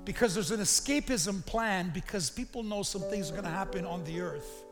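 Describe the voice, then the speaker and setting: A pastor preaching a sermon, animated and calling the congregation to repeat after him. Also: male voice, sits high, normal speed. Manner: animated preaching, calls the crowd to repeat lines. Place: church sanctuary. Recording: reverberant hall with faint music.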